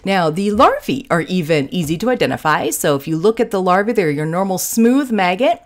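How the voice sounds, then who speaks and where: Southern lady teaching a class, kinda low voice but bouncy, jokey, lots of uh and um. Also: sing-song, a little fast. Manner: casual, joking, frequent fillers. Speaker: lecturer in forensic entomology. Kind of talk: recorded lecture with slides.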